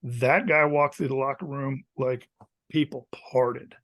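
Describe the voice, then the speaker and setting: A man's voice: mid-range voice, unhurried. A man in his fifties, a former college kicker, telling casual stories as a podcast guest and acting out the coaches he quotes. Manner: animated storyteller who acts out quoted coaches. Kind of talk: casual storytelling interview.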